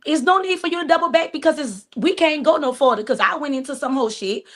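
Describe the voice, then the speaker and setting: Woman, 40s, podcast cohost, higher register; salty, no-nonsense, talks straight to the audience. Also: fast. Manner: blunt, profane, storytelling with acted-out quotes. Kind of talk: casual chat. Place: live stream podcast.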